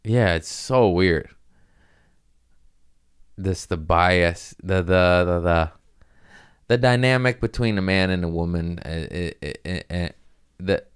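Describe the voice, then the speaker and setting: A deep-voiced male comedian rambles through a loose, profane monologue on his podcast. His voice is low and smooth, and he keeps chuckling at his own jokes. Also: slow pace, long pauses.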